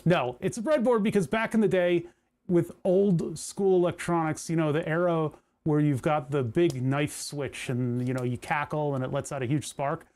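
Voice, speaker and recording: A young man, talking casually on a live stream while soldering. His voice sits a bit higher than most men's, and he rambles and doubles back, talking to his chat as he works. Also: steady tone, moderate pace, a little mellow. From United States. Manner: rambling and chatty, with restarts and asides to chat.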